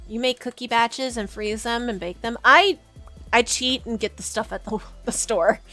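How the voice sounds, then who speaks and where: A woman's voice: a little high, moderate pace, pushed and bright, soft background music. A young adult woman streamer chatting casually to her viewers, giggly and rambling, often restarting her sentences. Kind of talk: casual livestream chat with chat.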